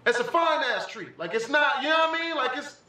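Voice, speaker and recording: A young man giving casual, profane, excitable reaction commentary on a vlog, often breaking into laughter. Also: very high-pitched, fairly quick. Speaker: vlogger. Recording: echoey room, far from the mic, faint music.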